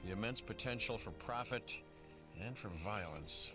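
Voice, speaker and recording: A man's voice: lowish voice, animated, moderate pace, creaky. An actor playing a dry, reflective male scientist commenting on a dinosaur park, heard faintly under game music. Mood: wry. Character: wry male scientist musing on profit and danger.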